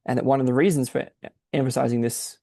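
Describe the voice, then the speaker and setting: Speaking fast in a steady, mid-range voice that is gravelly and dark, a podcast host explains a difficult text. He thinks aloud in a searching, explanatory way, offering exegetical commentary. There's no room sound.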